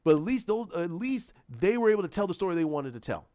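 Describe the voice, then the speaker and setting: A man with a fairly high voice delivers a heated solo rant, hammering his points through repetition and restarts. The recording is slightly dull and lo-fi. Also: animated, quick pace, mellow. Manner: impassioned and repetitive, restarting phrases. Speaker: YouTube commentator.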